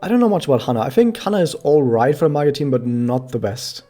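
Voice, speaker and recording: A German man talks his way through a game stream in a loose, rambling way, often restarting his sentences. His voice is mellow and dark, at a middling pitch. Faint music plays under him. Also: big pitch swings, fast. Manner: chatty, rambling, self-correcting. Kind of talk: casual live-stream commentary.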